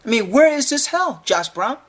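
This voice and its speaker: A man's voice: very high-pitched, sing-song, moderate pace, fairly bright tone. A man hosting a solo podcast, arguing emphatically, repeating himself and firing rhetorical questions, stumbling over repeated words. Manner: repetitive, challenging with rhetorical questions. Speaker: podcast host. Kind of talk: argumentative solo podcast monologue.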